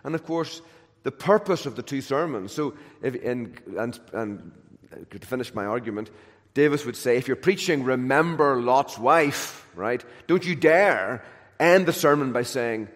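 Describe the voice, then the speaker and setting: A man preaching a sermon with emphatic, repeated phrases, swinging between loud declarations and hushed, gentle lines. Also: on the high side. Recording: long hall reverb.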